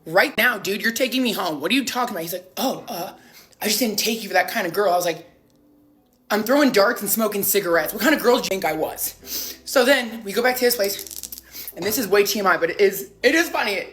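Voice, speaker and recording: A young woman in her twenties telling a casual, animated storytime to the camera, acting out quotes in exaggerated voices. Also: mid-range voice, brisk, faint music behind. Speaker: social media storyteller. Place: home in Denver.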